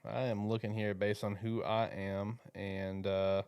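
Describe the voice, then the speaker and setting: A man's voice: fairly low pitch, little pitch movement, a little slow, a little mellow, clear, resonant tone, dry recording, clean studio sound. A man hosting a mock draft with playful banter and frequent laughter. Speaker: host running a mock draft. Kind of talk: casual joking chat.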